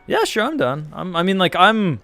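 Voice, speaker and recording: Over soft background music, a man streams a video game in a high, sing-song voice that sounds pushed and bright, at normal speed. He reads out chat messages and responds in a rambling, profane, casual way.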